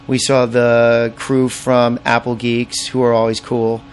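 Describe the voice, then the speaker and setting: A man's voice: medium pitch, completely flat delivery, a little slow, slight background noise. A man co-hosting a podcast, rambling in a laid-back, casual way. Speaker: podcast co-host. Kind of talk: casual chat.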